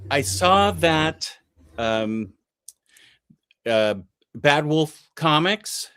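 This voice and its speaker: A man's voice: fairly high pitch, animated, very slow, a bit bright, smooth, dry recording. A man hosting a casual live-stream chat, rambling and hesitant with lots of fillers. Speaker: podcast host.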